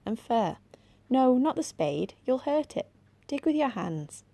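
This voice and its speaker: A woman doing an urgent, high young girl. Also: sing-song, unhurried, gravelly, warm tone, dry recording, heavily acted. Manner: urgent, pleading. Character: excitable, soft-hearted girl.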